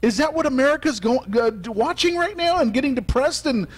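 A man's voice: extremely high pitch, expressive, a little fast. A male morning radio host telling stories in casual chat and laughing along with his guest. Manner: chatty, storytelling, laughs along. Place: radio studio.

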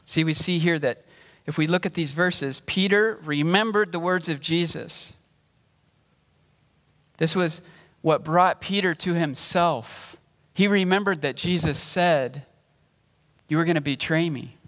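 A slow, measured preaching man in a reverberant hall. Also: fairly high pitch, fairly bright tone. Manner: measured, explanatory preaching, reading scripture aloud. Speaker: pastor. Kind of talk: sermon. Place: church sanctuary.

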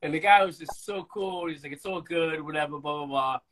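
A man, a band's bass player, telling stories in a casual, rambling, profane way during an interview. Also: a little fast, a little hiss or hum, rough recording. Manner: profane, rambling, animated storytelling.

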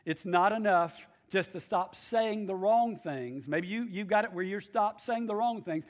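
A man's voice: sits high, unhurried. A male pastor preaching a sermon, emphatic, repeating key phrases and calling out to the congregation.

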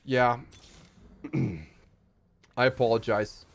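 A man streaming an auto-battler match and commenting live, excitable and swinging from low mutters to shouts. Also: normal speed.

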